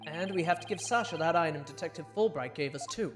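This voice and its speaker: A woman voicing a wry adult male defense lawyer who reacts in a dry, deadpan way, in a fan voice-acted game. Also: sits low, fast talker, music in the background, natural voice.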